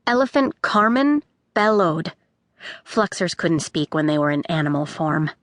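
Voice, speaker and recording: A woman narrating a children's audiobook with expressive storytelling. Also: deep voice, unhurried, dry recording.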